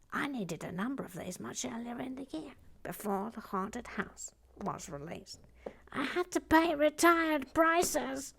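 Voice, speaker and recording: A woman's voice: a little high, gravelly, breathy edge. A woman co-hosting a LEGO stream, reading out trivia in a dry, matter-of-fact way with wry asides. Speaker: co-host sharing LEGO trivia. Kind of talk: casual chat with read-out facts.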